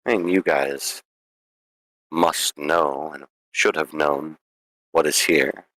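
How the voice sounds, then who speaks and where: A stern, ghostly woman dean guarding a sacred wand, deep and grave, as a man puts her on in a tabletop game. Her threats come slow and measured, close and dry on the mic. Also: fairly even intonation, a bit bright, no echo, full character voice, rough recording. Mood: suspicious.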